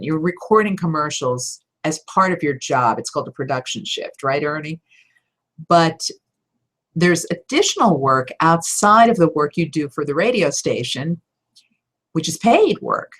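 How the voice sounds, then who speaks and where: A middle-aged woman answers viewer questions about voiceover work in a relaxed live chat. Her voice sits low, and she talks in an animated, chatty way, often poking fun at herself. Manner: chatty, animated, self-deprecating. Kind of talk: casual live Q&A talk.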